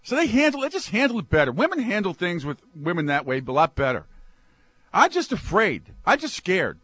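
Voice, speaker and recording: Animated, exasperated male talk host. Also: high voice, brisk, husky, no echo. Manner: exasperated, animated, swings from mutters to yelps. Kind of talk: comic ranting monologue.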